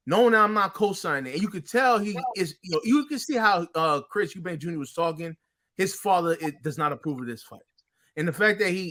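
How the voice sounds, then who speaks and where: A middle-aged man on a casual podcast, his voice pitched high and swinging widely as he argues emphatically. His tone is bright and lively, and he slips into playful quoted voices. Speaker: co-host, Spirit G.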